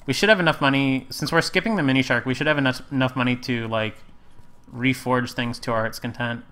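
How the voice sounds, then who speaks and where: A man's voice: mid-range voice, steady tone, brisk, fairly bright tone. A man casually commentating his gameplay, rambling and correcting himself with wry asides. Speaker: let's play host.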